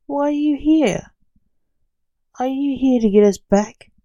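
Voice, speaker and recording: A woman's voice: medium pitch, unhurried, dark tone, no echo, lo-fi sound, lightly acted. A woman reading as an exasperated scolding father. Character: exasperated protective father, a man.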